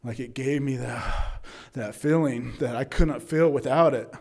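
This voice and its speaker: A man's voice: mid-range voice, measured pace, darkish tone. Man telling his recovery story. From Utah, USA. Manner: conversational storytelling with frequent "right?" and fillers; acts out dialogue of others in his story. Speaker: recovery meeting speaker. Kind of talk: personal recovery testimony.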